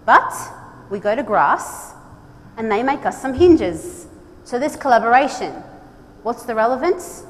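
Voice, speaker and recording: A woman giving a lively, direct conference presentation to a trade audience, urging them on with playful asides. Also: a little high, a little slow. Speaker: design speaker at a trade congress. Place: large conference hall. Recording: long hall reverb, faint background noise.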